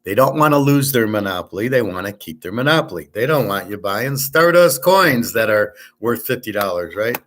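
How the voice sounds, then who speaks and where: A man hosting a casual livestream, talking loud and clear on purpose, blunt and opinionated, rambling from one point to the next. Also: lowish voice, lively intonation, moderate pace, few pauses. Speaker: sports handicapping show host. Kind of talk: casual livestream chat with viewers.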